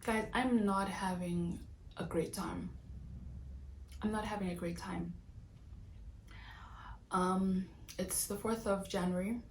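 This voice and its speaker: Frustrated woman venting in an echoey room. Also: on the low side. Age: 30s. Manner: earnest, restless, searching for words with many restarts. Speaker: vlogger. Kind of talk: casual direct-to-camera vlog. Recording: echoey room with faint background noise.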